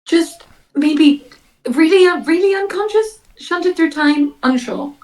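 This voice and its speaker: A woman's voice: extremely high pitch, slow, darkish tone, voice pushed up, rough recording. A woman voicing a nervous young woman adventurer who talks in a hesitant, half-whispered way.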